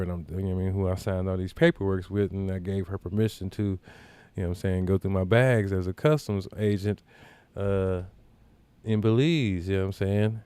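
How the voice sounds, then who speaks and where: A man's voice: sits low, dark tone, clean tone, dry recording. A man hosting a podcast, telling a rambling, profane anecdote in casual chat with lots of asides. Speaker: podcast host. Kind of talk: casual storytelling.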